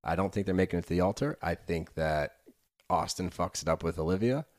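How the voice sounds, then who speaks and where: A man's voice: deep voice, a little fast, a little mellow. A man co-hosting a podcast, recapping a reality show in casual, opinionated chat and laughing often. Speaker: podcast co-host.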